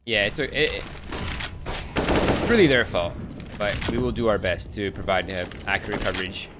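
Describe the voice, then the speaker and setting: A man giving casual play-by-play esports commentary, bantering with his co-caster and rising to excited calls. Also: fairly low pitch, normal speed. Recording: game gunfire noise behind. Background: game gunfire and clicks.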